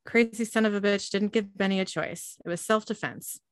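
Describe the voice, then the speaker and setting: A woman's voice: mid-range voice, a little fast, no room sound, close to an everyday voice. A woman reading as a blunt, defensive man. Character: blunt, defensive adult brother.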